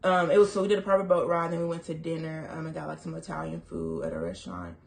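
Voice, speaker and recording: A young woman telling a story to viewers, animated, quoting herself and saying "like" often. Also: low-pitched, fast, creaky. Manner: animated, quotes herself, frequent "like". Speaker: co-host of a couple's channel.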